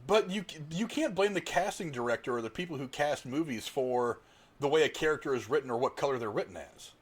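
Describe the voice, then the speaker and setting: A man's voice: mid-range voice, lively intonation, a little fast, slightly rough. A middle-aged man hosting a podcast, arguing his opinions bluntly in casual, profane talk. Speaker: podcast host.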